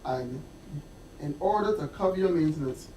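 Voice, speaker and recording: Barbadian male panelist, mellow tone, conversational, distant roomy mic. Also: fairly high pitch, lively intonation, moderate pace, slight background noise. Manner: lays out scenarios, asks "right?". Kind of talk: casual panel discussion.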